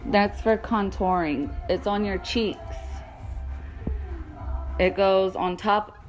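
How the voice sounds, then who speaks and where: Blunt, chatty mom vlogging at home. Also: female voice, medium pitch, slow, soft background music, poor audio. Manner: scolds kids bluntly, coos at dog. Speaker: mother and vlogger. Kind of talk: casual home vlog chatter. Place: family home indoors.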